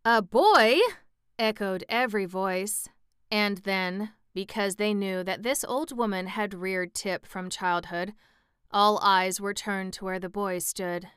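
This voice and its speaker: A woman narrating an audiobook with calm, steady storytelling on a close microphone. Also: medium pitch, a little slow, clear, resonant tone, no echo.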